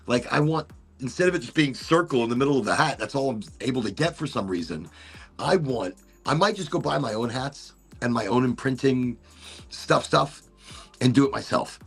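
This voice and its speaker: A man hosts a loose, casual chat in a husky, breathy voice, wandering from thought to thought and cutting himself off. His voice has a gravelly edge, with faint music playing behind him. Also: medium pitch, expressive, moderate pace. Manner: rambling, laughing, self-interrupting. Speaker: podcast host.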